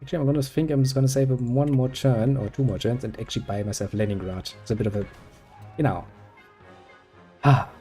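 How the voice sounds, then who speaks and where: A man's voice: mid-range voice, steady tone, quick pace, mellow, faint music behind. A German man chatting casually while gaming, dry and sarcastic. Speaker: gaming co-host.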